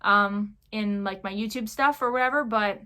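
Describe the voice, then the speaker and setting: A woman's voice: medium pitch, normal speed, bright, forceful tone, smooth. A young woman talking casually in a vlog Q&A, chatty and full of fillers, telling stories with animation. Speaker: YouTuber.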